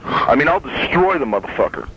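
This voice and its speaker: A man's voice: a little high, very animated, fairly quick, fairly bright tone, a little hiss or hum. A man telling a long, heated story in casual chat, profane and rambling, often restarting his sentences. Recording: dull lo-fi sound.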